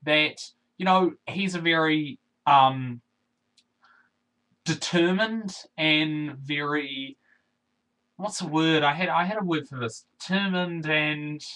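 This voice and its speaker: A man's voice: a little high, takes it slowly, pushed and bright, low-quality recording. A young man with a New Zealand accent, rambling through a casual video review with many restarts and fillers. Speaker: YouTube film reviewer.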